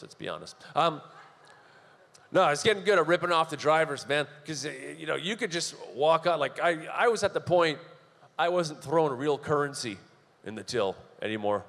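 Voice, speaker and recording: Pushed, bright, and on the high side, this voice belongs to a young Canadian stand-up comedian. He briskly tells sardonic, profane stories, recorded with the long reverb of a live venue hall.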